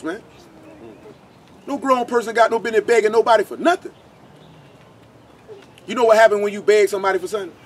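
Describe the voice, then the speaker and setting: A man leads an informal scripture lesson, his voice pitched high for a man. He talks in blunt street slang and keeps hitting the listeners with rhetorical questions. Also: a bit bright, slight background noise. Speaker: Bible teacher.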